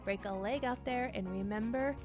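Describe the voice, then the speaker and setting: A woman hosting an acting podcast, casually explaining a vocal warm-up, sometimes loudly overemphasizing syllables to demonstrate. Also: fairly high pitch, normal speed, over music. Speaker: podcast host and acting coach. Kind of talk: casual instructional podcast talk.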